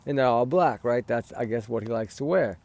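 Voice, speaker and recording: Tired gravelly-voiced man musing. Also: medium pitch, a little fast, a little mellow. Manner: rambling, repeats "right?", sighs and yawns. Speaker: commentator on a missing-child case. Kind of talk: casual opinion talk.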